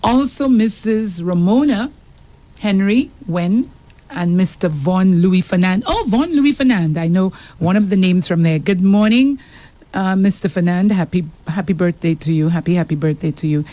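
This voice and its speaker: A woman's voice: lowish voice, moderate pace, mellow, no room sound. A woman with a Saint Lucian accent co-hosting a radio show, reading out listener messages with frequent laughter. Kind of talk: casual radio chat.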